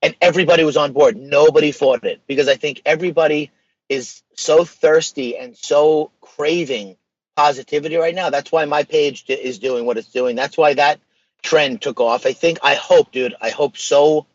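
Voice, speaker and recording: A man's voice: fairly high pitch, normal speed, no room sound, highs cut off. A man talking as a podcast guest, emphatic and casual, dropping slang. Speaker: podcast guest, social media page creator. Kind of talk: casual interview conversation.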